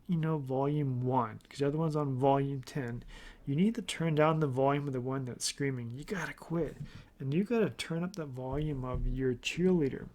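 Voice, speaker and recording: A middle-aged man talks earnestly on his podcast, rambling a little and restarting his sentences. His voice has a gravelly edge and sits at an ordinary pitch. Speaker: podcast host. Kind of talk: casual motivational podcast talk.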